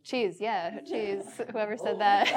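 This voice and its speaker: A woman from the Midwest answers questions as a runner on a panel. She sounds relaxed and a little hesitant, padding her replies with fillers. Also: mid-range voice, very noisy. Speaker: runner guest.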